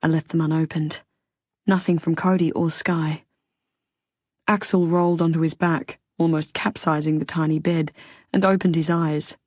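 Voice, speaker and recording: Audiobook narrator: woman, low voice, expressive first-person reading, dry booth. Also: no echo.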